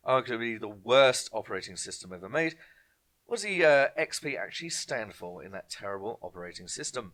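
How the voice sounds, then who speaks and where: A man with a bright, forceful voice hosts a casual online quiz. He reads each question slowly and twice, dropping chatty jokes in between. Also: lowish voice, very animated. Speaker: quiz host. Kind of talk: casual live-stream quiz hosting.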